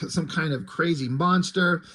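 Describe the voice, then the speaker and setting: A man reading the lines of a bewildered young male comic hero, baffled and exasperated, in a husky voice. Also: a little high, a little slow, sharp tone.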